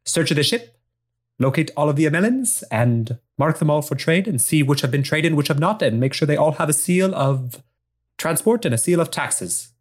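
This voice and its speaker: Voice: mid-range voice, expressive, normal speed, close to an everyday voice. A game master voicing a short, tipsy, self-important female navy lieutenant with a put-on Spanish accent. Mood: officious.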